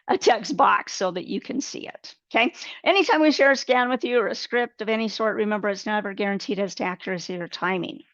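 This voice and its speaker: A woman's voice: mid-range voice, a bit bright, dry recording. Woman, trading coach, conversational, walks through charts, dull dry webcast audio. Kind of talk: live webcast teaching.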